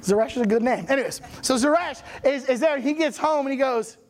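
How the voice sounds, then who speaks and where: Chatty high-voiced male preacher. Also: fairly quick. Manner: chatty, animated, checks in with listeners. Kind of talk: casual sermon storytelling.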